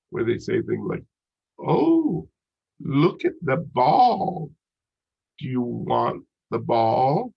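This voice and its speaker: Gravelly, husky male lecturer. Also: on the low side, highs cut off. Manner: conversational, with frequent ums and restarts. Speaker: college psychology instructor. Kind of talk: recorded lecture.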